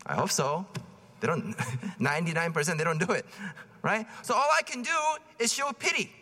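A man's voice: on the high side, animated, normal speed, sharp tone, long reverb tail. A man preaching a homily in a casual, joking way, often acting out voices. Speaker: priest.

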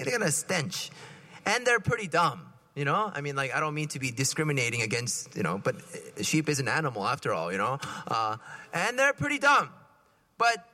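Chatty preacher guy acting out little scenes, bright tense voice, big echoey hall. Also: on the high side. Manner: conversational, animated, acts out scenes. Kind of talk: sermon. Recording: reverberant hall.

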